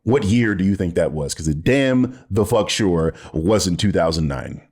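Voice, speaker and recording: This American commentary YouTuber has a low, husky, slightly mellow voice, animated but unhurried. Reacting to a video, he sounds sarcastic and exasperated, cursing frequently and laughing in disbelief in casual, profane commentary.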